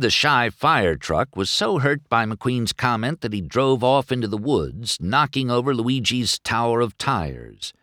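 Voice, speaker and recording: A man narrating a storybook read-aloud in an expressive, unhurried way. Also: low-pitched, no room sound, clean studio sound.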